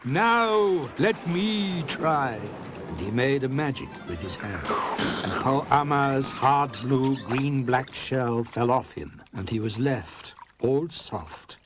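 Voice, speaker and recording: A man narrating a children's storybook in a calm, clear way. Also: medium pitch, slow pace. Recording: soft music under narration.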